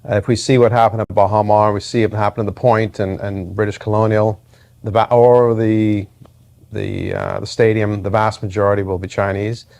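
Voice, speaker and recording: A man giving a halting interview answer as a bank executive. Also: fairly low pitch, little pitch movement, creaky, darkish tone, no room sound. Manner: hesitant, many restarts and fillers.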